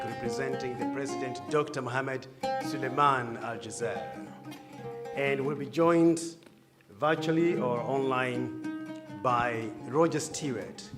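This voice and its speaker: A man moderates a formal press conference in a large hall, making upbeat, ceremonial introductions with pauses. His voice sits at an ordinary middle pitch. Plucked guitar music plays clearly behind him.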